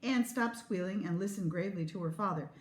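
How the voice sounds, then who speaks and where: A woman teacher reading a children's storybook aloud with a lively, expressive delivery. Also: mid-range voice, brisk. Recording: echoey room.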